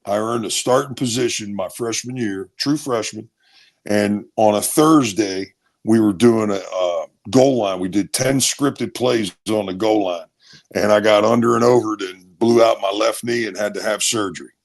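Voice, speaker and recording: Speaking at a normal speed in a fairly low pitch, a middle-aged man from Maryland, USA, shares casual stories. The former college football player is an animated narrator who voices other characters himself.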